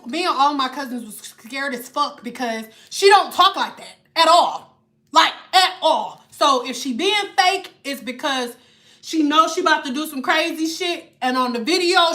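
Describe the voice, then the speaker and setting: A woman telling a story on a casual vlog, animated and profane, with laughing asides. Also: high voice, unhurried. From Detroit. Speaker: vlogger.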